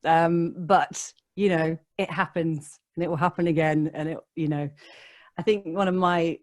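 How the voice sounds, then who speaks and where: Low-voiced woman telling anecdotes. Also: steady tone, moderate pace, darkish tone. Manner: chatty anecdotes with frequent laughs. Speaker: radio DJ guest. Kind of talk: casual interview chat.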